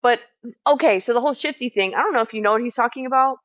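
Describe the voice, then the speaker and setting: A woman who works as a camp medic, retelling a clash in casual chat, swearing freely and talking fast when heated. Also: on the high side, a bit bright, muffled recording. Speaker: house medic at a streamed camp.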